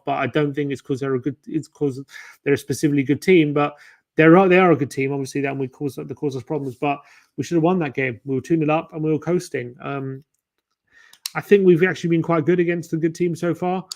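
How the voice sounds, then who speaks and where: A man's voice: a little high, fairly even intonation, brisk, a little mellow. A man hosting a fan livestream, chatting casually and muttering his guesses to himself as he plays a quiz. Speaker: fan channel host. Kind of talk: casual livestream chat while playing a quiz.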